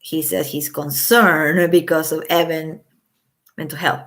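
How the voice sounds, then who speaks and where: A woman's voice: low voice, steady tone, a little slow, a bit bright. A woman with children chatting casually on a livestream, giving blunt opinions and swearing freely. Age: adult with children. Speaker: livestream host.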